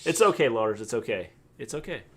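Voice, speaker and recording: A man's voice: medium pitch, very animated, fairly quick, breathy edge. A middle-aged man co-hosting a casual wrestling livestream, dry and teasing, with playful jokes. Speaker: co-host.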